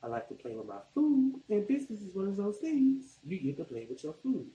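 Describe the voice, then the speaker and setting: In his home kitchen, a Southern-accented man from Arkansas talks his way through a cooking tutorial in a chatty, rambling, folksy manner. His voice is high and mellow, fairly quick, with huge swings in pitch, and the audio sounds reverberant and muffled.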